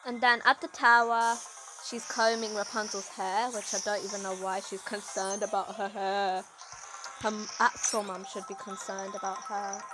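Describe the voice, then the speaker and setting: A woman host casually chatting over gameplay, rambling through a story with lots of fillers and expressive exclaims. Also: medium pitch, moderate pace, over music, rough recording. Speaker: gaming channel host.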